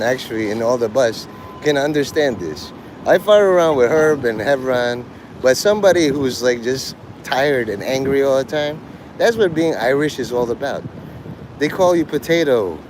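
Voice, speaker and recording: A man talking casually on a livestream while walking outdoors, rambling and joking and mimicking others in quick quoted voices. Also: mid-range voice, a little mellow, a little hiss or hum.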